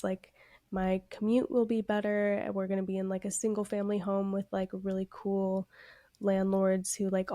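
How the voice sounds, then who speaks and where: A woman's voice: medium pitch, mellow, dry recording, studio quality. A woman co-hosting a podcast in casual chat, congested, talking with lots of "like" fillers and frequent laughs. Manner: chatty, heavy use of "like" fillers, laughs often. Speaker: podcast co-host.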